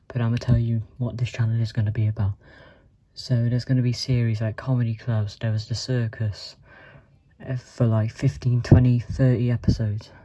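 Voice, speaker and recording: A man telling absurd comic stories with deadpan, mock-boastful bravado. His voice is mellow and mid-pitched. The recording sounds dull and lo-fi, with faint music behind. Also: no echo. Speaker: channel host. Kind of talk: comedic storytelling.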